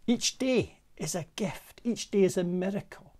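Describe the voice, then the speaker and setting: A man with a Scottish accent, a parish minister giving a gentle, conversational reflective sermon from a room in his manse. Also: sits high. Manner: gentle, conversational, with pauses and soft laughs.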